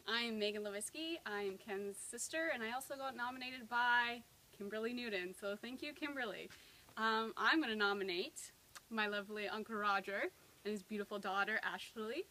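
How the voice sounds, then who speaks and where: Bright-voiced cheerful young woman. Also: on the high side, moderate pace, low-quality recording. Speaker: vlogger taking a charity challenge. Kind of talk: casual outdoor video talk. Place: outdoors by a lake.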